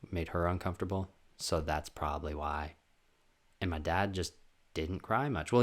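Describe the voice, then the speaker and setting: A man's voice: sits low, moderate pace. A young man hosting a casual solo podcast, rambling and self-deprecating as he talks on his own. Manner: rambling, self-deprecating, jumps into loud sung and acted bits. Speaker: podcast host.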